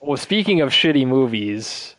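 A man's voice: medium pitch, very animated, normal speed, a bit bright, no echo. A man chatting casually as a podcast co-host, rambling with lots of fillers and laughing as he tells stories. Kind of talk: casual chat.

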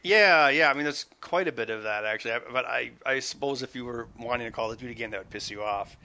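A man with a bright, forward voice chats about games. He talks in animated bursts and often stops to restart. His pitch sits in the middle. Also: quick pace. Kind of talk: casual chat about video games.

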